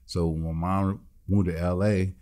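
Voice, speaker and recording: A man's voice: low voice, little pitch movement, a little slow, mellow. A man, a musician guest in an interview, telling his story bluntly and acting out the voices of the people in it. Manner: blunt, swears freely.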